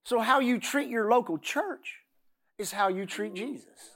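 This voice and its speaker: A man's voice: very high-pitched, a little slow, a bit bright. A middle-aged man preaching a sermon, often repeating words and asking the congregation "Amen?".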